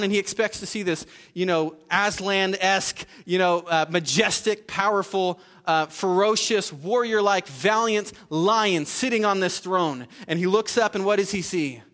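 A man's voice: sits high, a bit bright. A man preaching a sermon as pastor, earnest and emphatic, often repeating words as he restarts.

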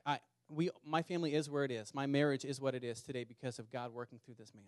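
A man preaching a sermon to a small church congregation, earnest, repeating words and slowing down to stress key lines. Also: medium pitch, steady tone, no echo, studio quality. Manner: earnest, repeats words, speeds up and slows for emphasis. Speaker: pastor. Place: small church meeting in a community center.

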